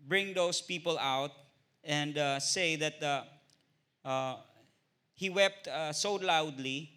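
A man with a Filipino accent leads an informal Bible study with a fairly high, bright, sharp voice. He talks in halting stretches, filling gaps with "uh" and checking in with a quick "no?". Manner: hesitant, many filler "uh"s and tag "no?".

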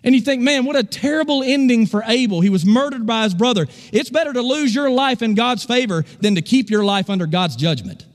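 A man's voice: very high voice, big-room sound. A male pastor preaching a sermon in a church, emphatic and asking the congregation questions. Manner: emphatic, call-and-response questions.

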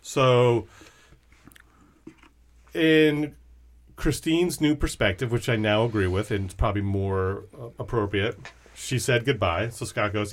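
A man hosting a podcast, telling a story about an old friend in animated, casual chat, swearing and restarting often. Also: medium pitch, unhurried. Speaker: podcast host.

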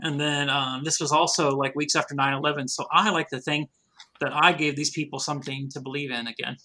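A man's voice: fairly high pitch, fairly even intonation, fairly quick, sharp tone. A man co-hosting a podcast in casual chat, telling rambling anecdotes full of filler words. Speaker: podcast co-host. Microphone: remote podcast recording.

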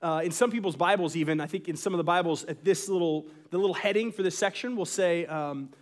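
Man, thirties, high voice, sermon, lively storytelling, acts out quotes. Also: quick pace. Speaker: pastor.

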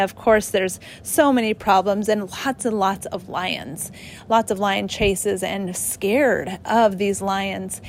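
A middle-aged woman giving an earnest personal testimony at church, halting now and then as she restarts. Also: medium pitch, slight background noise.

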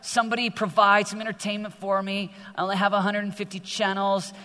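A man's voice: high voice, flat delivery, bright, forceful tone. A man mimicking a whiny, sulky bored teen. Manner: whiny, drawn-out and self-pitying. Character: sulky bored teenager slumped on a couch. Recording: long hall reverb.

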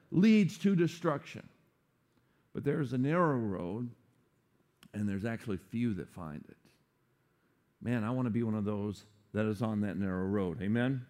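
A man preaching a sermon, animated and playful, acting out quotes for humor. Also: medium pitch. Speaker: pastor.

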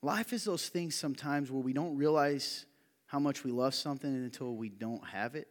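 A man preaching as a pastor, telling personal stories in an animated, joking way that swings from quiet asides to loud, excited delivery. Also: mid-range voice, normal speed. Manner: animated storytelling, shouting when quoting a friend. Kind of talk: sermon. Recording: long hall reverb.

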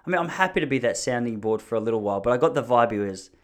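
A man's voice: mid-range voice, expressive, very fast. Chatty Australian man hosting a podcast. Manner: chatty, rambling, jokey storytelling. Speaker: podcast host. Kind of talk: casual chat.

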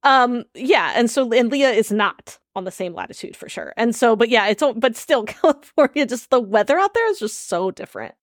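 A woman co-hosting a podcast in casual chat, often halting and repeating words as she talks. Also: fairly high pitch, expressive, no echo, studio quality. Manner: halting, repeats words, laughs while talking. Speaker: podcast co-host.

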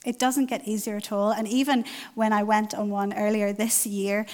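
A woman's voice: medium pitch, level tone, normal speed. A middle-aged woman giving a conversational sermon, driving points home by repeating them. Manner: conversational, emphatic repetition. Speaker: church speaker.

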